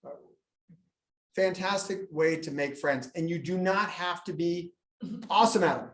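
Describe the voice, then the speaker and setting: At a live meeting in a school room with echoey acoustics, a school administrator talks to parents in a high-sitting voice at normal speed. Animated and joking, he tells funny stories and acts out students.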